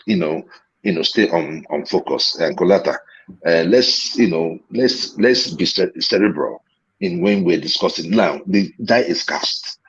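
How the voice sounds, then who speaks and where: A man's voice: deep voice, animated, a little slow, vocal fry, a bit bright, husky, muffled recording. A man with a Nigerian accent, calling into a talk show and making his point emphatically, repeating himself and restarting his sentences. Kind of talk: heated call-in debate.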